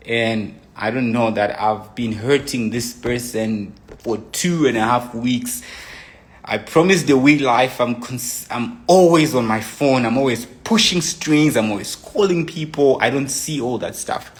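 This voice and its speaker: A man of ordinary pitch telling a personal story with emotion. He talks in an earnest, agitated way, stumbling over and restarting his phrases. He acts out his own messages and thoughts as he goes. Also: measured pace. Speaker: storyteller recounting a breakup.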